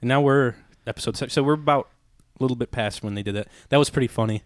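A man's voice: mid-range voice, dry recording, studio quality. Loose, swearing young man on a podcast. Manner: loose, swearing, quick to laugh. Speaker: podcast co-host. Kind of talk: casual podcast banter. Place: home basement.

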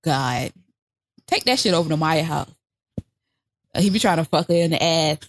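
A woman co-hosting a podcast, gossiping crudely with laughs, sighs and loud exclamations. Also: sits low, animated, moderate pace, pauses often. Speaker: podcast co-host. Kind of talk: casual chat.

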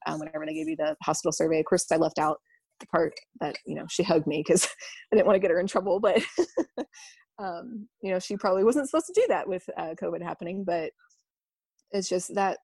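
A young adult woman candidly telling a personal story, halting and full of ums and you-knows. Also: on the low side, vocal fry, darkish tone. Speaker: vlogger sharing a personal story.

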